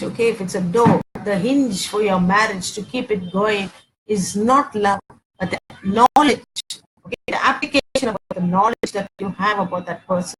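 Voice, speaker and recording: A woman's voice: mid-range voice, fairly bright tone, a little hiss or hum, rough recording. A woman in her forties giving a teaching sermon on Christian marriage, repeating points and saying "okay" often, acting out household arguments. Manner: repeats herself often, peppers talk with "okay", acts out domestic quarrels.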